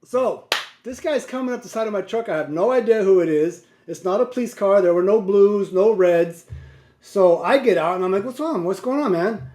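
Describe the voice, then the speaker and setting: A man's voice: high-pitched, normal speed, roomy sound. A man who drives a truck tells a story casually and animatedly, laughing and wandering off on side tracks.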